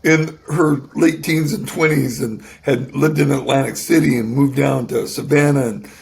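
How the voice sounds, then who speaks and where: A man in his sixties tells a personal story as a guest, circling back and restarting his sentences. His voice is heavily gravelly with a lot of vocal fry. A faint hiss of noise sits under it. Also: medium pitch, fairly even intonation. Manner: halting, with restarts and repeated words. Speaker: guest musician.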